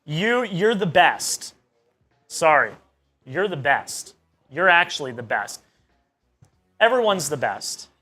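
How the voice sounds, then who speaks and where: Excitable joking young man, bright voice. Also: a little high, takes it slowly, long pauses, faint music behind. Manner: joking, excitable, teasing the chat. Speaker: co-host of a sports live stream. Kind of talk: casual live-stream chat.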